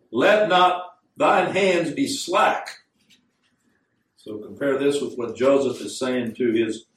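A man preaching a sermon, earnest and growing fervent, slowing down to quote scripture in the words of old Bible translations. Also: mid-range voice. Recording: echoey room, mic at a distance.

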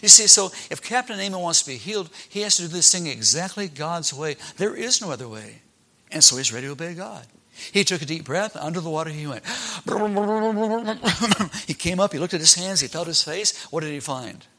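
A man's voice: on the high side, fast talker. A man telling a Bible story to children, asking them questions and acting out the characters. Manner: animated, asks the children questions and acts out the characters.

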